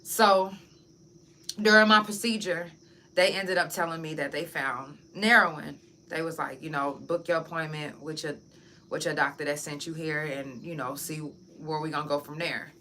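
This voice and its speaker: A woman's voice: low-pitched, steady tone, normal speed, bright, forceful tone, slight background noise. A woman podcast host and singer, chatting frankly and casually with her audience, swearing freely. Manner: talks straight to her audience. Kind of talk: casual chat to camera.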